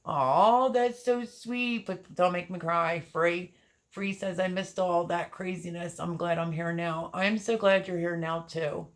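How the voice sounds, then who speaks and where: A woman's voice: lowish voice, little pitch movement, a little slow. A woman hosting a gardening channel live stream, chatting casually and reading viewer comments aloud.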